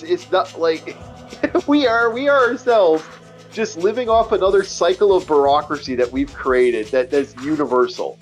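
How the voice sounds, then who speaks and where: Let's play host, man, higher voice, rambling and swearing, faint game music under him. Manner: rambling, profane, stumbling restarts. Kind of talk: casual chat over gameplay.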